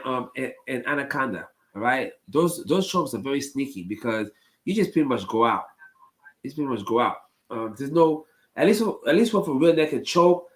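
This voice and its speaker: A man with a somewhat high, slightly bright voice loosely tells stories to his stream chat over a rough recording. He rambles, circles back to repeat phrases, and fills it with ums and restarts.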